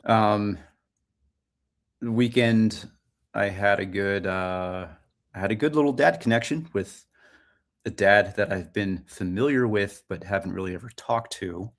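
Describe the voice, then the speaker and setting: A man co-hosting a podcast, telling a story in relaxed casual chat with frequent ums. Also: on the low side, unhurried. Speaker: podcast co-host.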